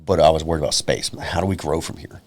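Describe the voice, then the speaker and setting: A man's voice: rumbling low, fairly even intonation, a little mellow, a little hiss or hum. A man, a police officer guest on a podcast, talking in an easygoing, upbeat way. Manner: easygoing, upbeat, acts out quick exchanges. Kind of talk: casual chat.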